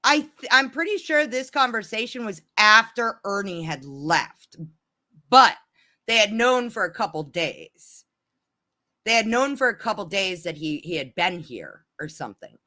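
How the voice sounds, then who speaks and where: A woman's voice: medium pitch, lively intonation, unhurried, sharp tone. A woman chatting casually to her viewers, telling a story in a rambling way, with many restarts.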